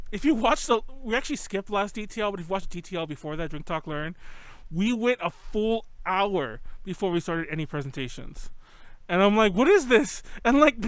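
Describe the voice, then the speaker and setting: A man's voice: high-pitched, fairly bright tone, clear, resonant tone, dry recording. A man hosting a casual podcast over an online call, rambling and correcting himself with frequent laughs. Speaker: podcast host. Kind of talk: casual chat. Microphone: home computer mic on an online call.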